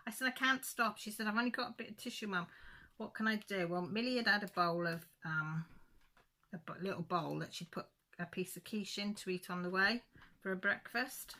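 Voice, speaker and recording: Chatty woman telling a story. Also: lowish voice. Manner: rambling, animated retelling with quoted dialogue. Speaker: crafting channel host.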